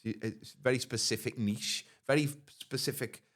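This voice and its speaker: A man's voice: mid-range voice, fairly even intonation, moderate pace, fairly bright tone. A man co-hosting a pub podcast, making dry, playful wisecracks in casual banter. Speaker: podcast co-host.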